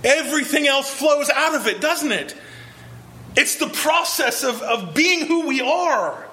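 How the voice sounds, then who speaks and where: A man's voice: very high voice, lively intonation, measured pace, sharp tone, slight background noise. A male pastor preaching a sermon, earnest and emphatic, pressing his point with repeated rhetorical questions.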